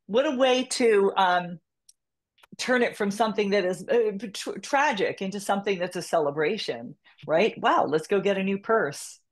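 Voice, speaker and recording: A woman's voice: medium pitch, moderate pace. A woman hosting a support group on a video call, affirming and encouraging the members.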